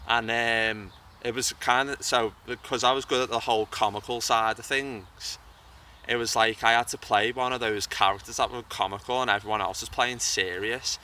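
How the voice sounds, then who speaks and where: A man's voice: medium pitch, fairly even intonation, moderate pace, pushed and bright. A young man being interviewed outdoors about acting, talking casually and often restarting his sentences. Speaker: interview guest, actor and YouTuber. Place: outdoors by a bridge. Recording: from a distance, with faint outdoor noise.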